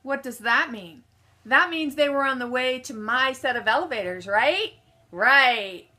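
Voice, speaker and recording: Speaking at a normal pace, this energetic female motivational speaker shares a story from her own life. Her voice is bright, forceful and slightly high, and she acts out other people's lines and poses questions to the crowd that she then answers herself.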